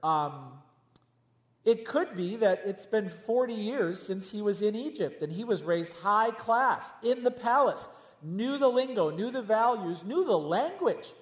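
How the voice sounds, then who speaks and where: A man's voice: high voice, expressive, a little slow. A man preaching a sermon as pastor, mixing teaching with jokes and chatty asides. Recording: echoey hall with long reverb.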